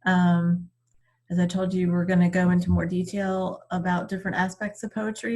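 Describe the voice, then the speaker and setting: A woman teacher giving a recorded reading lesson, explaining slowly and patiently with frequent ums. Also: fairly low pitch, fairly even intonation.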